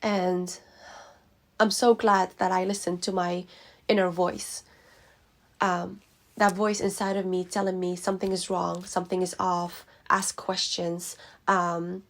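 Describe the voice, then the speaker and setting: A woman vlogger telling a personal story in an emotional, heartfelt way, with many pauses. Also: on the low side, steady tone.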